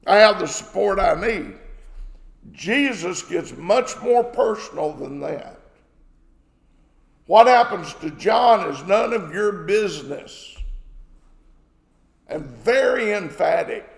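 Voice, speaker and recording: High-voiced emphatic preacher man, echoey hall. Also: animated, slow pace, creaky, pauses often. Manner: emphatic, rhetorical questions, acts out quoted dialogue. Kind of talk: sermon.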